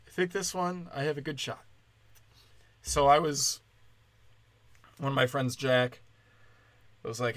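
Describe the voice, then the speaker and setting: Crude ranting male comedian, bright dry voice. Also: medium pitch, lively intonation, moderate pace, long pauses, dry recording. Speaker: stand-up comedian. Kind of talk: podcast-style comedy storytelling.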